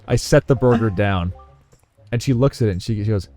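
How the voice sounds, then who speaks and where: A man's voice: on the low side, fairly quick, soft background music. A man telling a story in casual chat as a podcast co-host, acting out the people he quotes. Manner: animated storyteller who acts out quotes.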